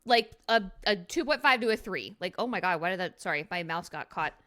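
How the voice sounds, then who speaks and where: Goofy bright-voiced woman streamer. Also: lowish voice, animated, fairly quick. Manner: goofy, playful, silly threats and jokes. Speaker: streamer reviewing cards. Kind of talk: casual card review commentary.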